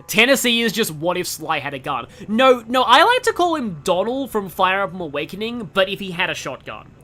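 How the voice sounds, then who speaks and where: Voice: mid-range voice, big pitch swings, a little fast, pushed and bright. A young adult in their twenties with an Australian accent, chatting enthusiastically through casual game stream commentary, often restarting sentences. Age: 20s.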